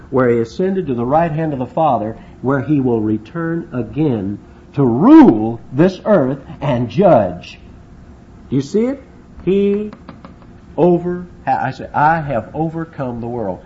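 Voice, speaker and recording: A man's voice: medium pitch, warm tone, highs cut off, a little hiss or hum. A man preaching a sermon, asking rhetorical questions and acting out quotes. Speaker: pastor.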